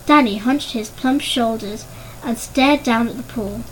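Casting: female audiobook narrator, high-pitched voice, storytelling delivery, faint room ambience. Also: measured pace, fairly bright tone, a little hiss or hum, low-quality recording. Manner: voices characters with raised pitch.

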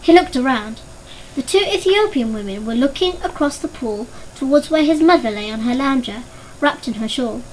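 A woman's voice: animated, normal speed, slight background noise, rough recording. A woman narrating a children's novel as an audiobook, giving the characters their own voices. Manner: voices characters with raised pitch.

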